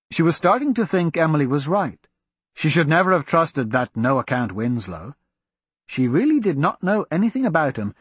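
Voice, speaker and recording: Expressive husky male storyteller. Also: a little high, no room sound. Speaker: audiobook narrator. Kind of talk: storybook narration.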